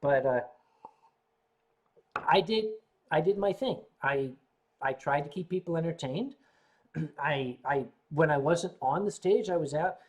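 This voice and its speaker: Husky older man chatting and drinking. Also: on the high side, lively intonation, measured pace, pauses often. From United States. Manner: rambling, clears his throat often; sipping drinks while chatting. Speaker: livestream host. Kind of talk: casual livestream chat reading viewer comments.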